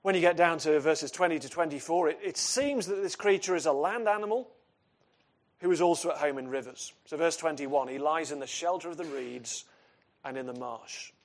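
A man's voice: a little high, moderate pace. A man preaching an expository sermon, earnest and emphatic, asking his listeners questions.

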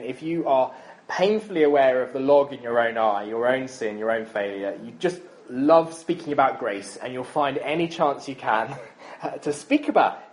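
A man's voice: mid-range voice, darkish tone, low-quality recording. A man in his thirties preaching a sermon in a chatty, self-deprecating way, with frequent ums and asides.

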